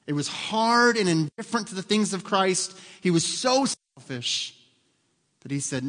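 An unhurried, expressive pastor whose voice sits high and sounds fairly bright delivers a sermon. His tone is conversational and he puts questions to the congregation, in a space with long hall reverb.

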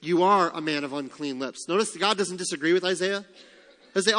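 A man's voice: high voice, normal speed, pushed and bright, in a large hall. A man preaching a sermon in a conversational way, posing rhetorical questions and slipping in humorous asides. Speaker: pastor.

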